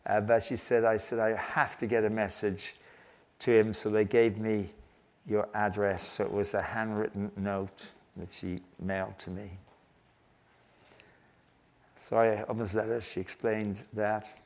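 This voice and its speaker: An older man preaching a sermon, telling a story earnestly and slowing down to stress key phrases. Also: fairly low pitch, flat delivery. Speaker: pastor.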